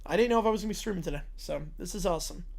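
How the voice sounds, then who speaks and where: A man's voice: high voice, rapid-fire, vocal fry, darkish tone. A man hosting a livestream, chatting casually and repeating words as he starts sentences. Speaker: livestream host.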